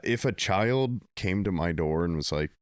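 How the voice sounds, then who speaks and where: A man's voice: low voice, animated, moderate pace, no room sound, clean studio sound. A young adult man chatting casually on a podcast, telling laid-back stories full of swearing and acted-out quotes. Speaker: podcast co-host. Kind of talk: casual chat.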